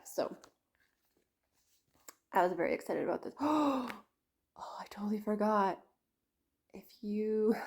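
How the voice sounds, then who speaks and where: A woman's voice: medium pitch, vocal fry, dark tone. Chatty rambling woman vlogger. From Canada. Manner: rambling, chatty, self-interrupting with fillers and asides. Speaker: craft vlogger. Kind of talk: casual chat to camera.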